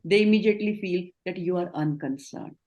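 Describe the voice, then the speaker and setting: A woman's voice: fairly low pitch, brisk, dark tone. A middle-aged woman with an Indian accent, leading an online training session, explaining and affirming answers. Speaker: communication trainer.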